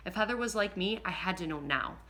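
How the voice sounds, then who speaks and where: A woman narrating a first-person audiobook in a lively, expressive way, now and then slipping and rereading a line. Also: medium pitch, fairly quick. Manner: lively, expressive reading with occasional slips and rereads.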